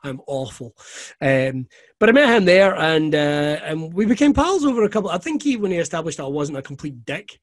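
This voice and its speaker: A man's voice: fairly high pitch, brisk. Profane man spinning yarns. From Scotland. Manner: profane, animated anecdotes with laughter. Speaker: guest. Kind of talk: casual storytelling.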